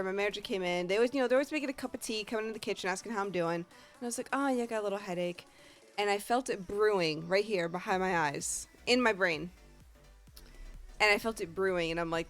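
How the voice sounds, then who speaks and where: A woman's voice: medium pitch, fast, a bit bright, faint music behind. A woman with a Northeast American accent, a streamer telling a rambling, profane story in casual chat. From Northeast United States.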